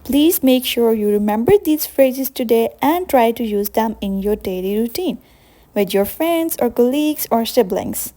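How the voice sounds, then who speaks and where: A woman teaching basic Italian phrases to beginners, saying each phrase slowly and repeating it for learners. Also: a little high, expressive, dark tone. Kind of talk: slow beginner language lesson.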